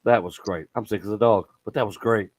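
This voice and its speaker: A middle-aged man, hosting a casual chat and telling stories in an animated way, swearing freely. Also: fairly low pitch, fairly quick, a little hiss or hum, poor audio. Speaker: podcast host.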